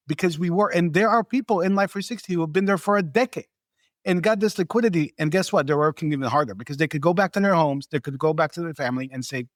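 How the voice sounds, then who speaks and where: A man's voice: fairly high pitch, no room sound, clean studio sound. A man speaking as a guest on a podcast, telling of his own experience in an emphatic, persuasive way. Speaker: venture capital investor, podcast guest. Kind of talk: casual podcast conversation.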